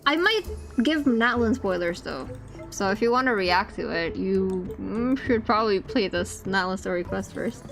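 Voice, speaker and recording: A woman's voice: medium pitch, expressive, normal speed. A woman live-streaming a game, chatting to her viewers in a rambling, chatty way and squealing when startled. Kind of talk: casual live-stream chat. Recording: game music behind the voice.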